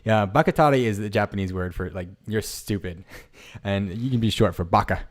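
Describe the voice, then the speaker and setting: A man hosting a casual solo podcast, rambling and halting with many restarts and fillers, laughing at himself when he loses a word. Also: on the low side. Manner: self-deprecating, laughs at himself. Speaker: podcast host. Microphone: streamed podcast mic.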